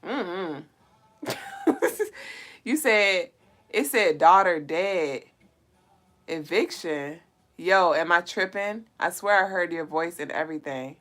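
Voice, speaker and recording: A woman's voice: lowish voice, expressive, measured pace, fairly bright tone. A woman hosting a casual livestream, reading out viewer comments and talking straight to her chat in a loose, playful way, with speech.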